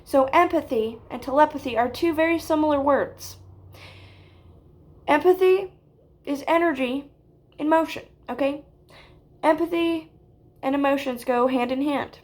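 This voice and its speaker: A woman giving a deadpan parody of a spiritual lecture, stretching out her phrases and tagging them with "okay?". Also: sits high, unhurried, long pauses. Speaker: mock spiritual teacher.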